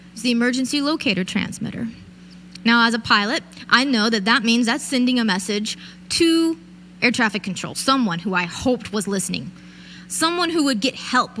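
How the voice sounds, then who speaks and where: A woman gives a motivational keynote on stage, her voice sitting fairly high. She tells a vivid personal story and speaks straight to the audience. A faint hiss of noise stays under the speech. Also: fairly bright tone. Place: event stage.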